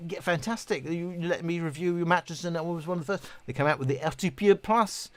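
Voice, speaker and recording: This British live streamer talks fast with few pauses in a voice on the high side, reading viewer messages aloud in a casual, rambling way. He restarts frequently and laughs at himself with self-deprecating humor.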